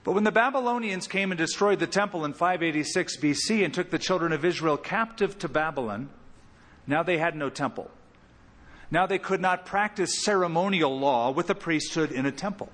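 A man preaching an expository sermon as pastor, animated, with big swings in pitch and loudness. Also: a little fast, in a large hall.

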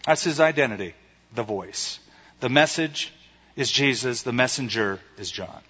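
A male preacher giving a sermon in a conversational, animated way, retelling stories and acting out quotes. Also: medium pitch, unhurried, husky. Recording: echoey hall, slightly dull sound.

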